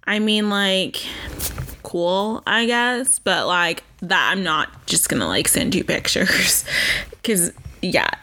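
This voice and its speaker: Animated young woman podcaster. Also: on the low side, slow pace. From United States. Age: 20s. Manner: chatty and animated, swearing and joking. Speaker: podcast host. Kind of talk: casual solo podcast chat.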